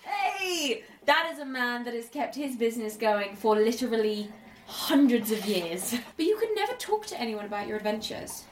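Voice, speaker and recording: A woman's voice: a little high, big pitch swings, moderate pace. A woman chatting casually while watching a film with a friend, swearing freely and laughing often. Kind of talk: casual watch-along chat. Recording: roomy sound with crowd noise.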